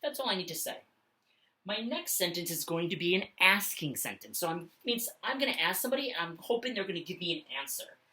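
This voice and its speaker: A woman teaching punctuation to young children in a slow, sing-song voice, often checking in with "okay?". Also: on the low side, sing-song, pushed and bright. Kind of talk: classroom lesson for children.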